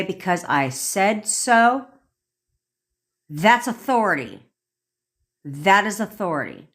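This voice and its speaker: A woman manifestation coach on a livestream, talking in a blunt, profane, commanding way. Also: mid-range voice.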